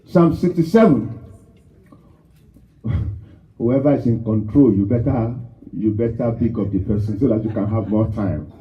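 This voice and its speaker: A man preaching a sermon in church, emphatic and repetitive, rising to shouts as he leads prayer. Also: on the low side, measured pace, long pauses. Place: church hall. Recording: dull, lo-fi church recording.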